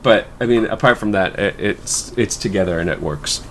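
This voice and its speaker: A man's voice: lowish voice, normal speed, a little hiss or hum. A man co-hosting a podcast in casual chat, jokey and chuckling, with lots of fillers. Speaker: podcast co-host.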